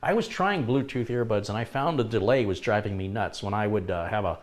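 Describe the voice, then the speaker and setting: A man's voice: lowish voice, expressive, a little fast. Chatty man reading out viewer comments. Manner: chatty, laughs at his own remarks. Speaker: live stream host. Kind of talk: casual live chat, reading viewer comments.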